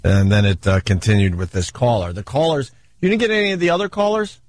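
A man's voice: medium pitch, fast, no echo. A man hosting a radio show, introducing a clip and chatting with amused commentary. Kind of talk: casual radio banter.

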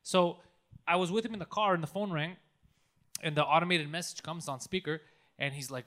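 A man's voice: a little high, fast. A man co-hosting a podcast, telling stories in casual chat and acting out the people he quotes. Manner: loud storytelling, acts out the people he quotes. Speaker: podcast co-host.

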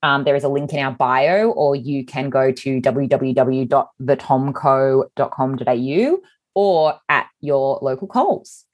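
An Australian woman co-hosting a casual podcast chat. Her voice sits very low for a woman, and she talks frankly and with animation, often circling back to restart a thought. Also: unhurried, highs cut off. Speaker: podcast co-host.

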